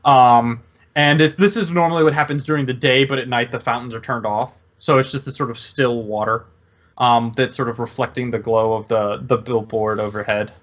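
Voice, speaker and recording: Game master, male, halting narration with frequent fillers, muffled lo-fi audio. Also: medium pitch, steady tone. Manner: hesitant, many ums and restarts.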